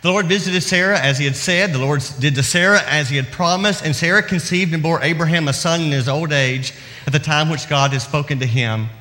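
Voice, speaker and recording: A man preaching a sermon, reading scripture and stories with expressive, emphatic delivery and dramatic pauses. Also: on the high side. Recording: long hall reverb.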